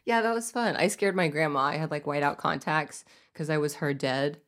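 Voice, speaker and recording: A woman's voice: sits low, normal speed, a bit bright. A woman in her twenties chatting casually as co-host, giggling often and filling her talk with "like". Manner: giggly, chatty, lots of filler likes. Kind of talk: casual chat.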